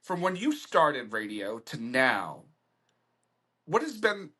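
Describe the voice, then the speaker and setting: A man's voice: medium pitch, sing-song, slow pace, bright, forceful tone. A man hosting a podcast, adding short agreements and asking loosely phrased questions. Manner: brief affirming interjections, rambling questions. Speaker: podcast host. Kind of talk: casual interview chat.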